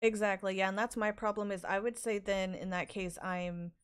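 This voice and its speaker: A woman's voice: mid-range voice, steady tone, moderate pace, clean tone. A woman in casual podcast chat, talking hesitantly with fillers and restarts. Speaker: podcast guest.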